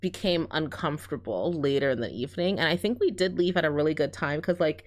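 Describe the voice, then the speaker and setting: A woman's voice: deep voice, lively intonation, fast, darkish tone. A woman streaming a story game, chatting casually and correcting herself as she goes. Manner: chatty, rambling, self-correcting. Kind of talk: casual game-play chat.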